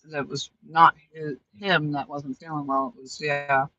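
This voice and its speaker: A woman's voice: low voice, flat delivery, unhurried, pushed and bright, dull audio. A woman hosting a live stream, chatting casually with viewers and friends and laughing often. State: talking with a mouth full of cookies.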